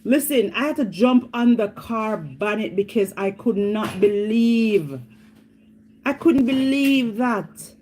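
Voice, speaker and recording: A middle-aged Jamaican woman with a medium-pitched voice and a Jamaican accent chats in a vlog, slight background noise behind her. Her storytelling is casual yet dramatic, animated and exclamatory.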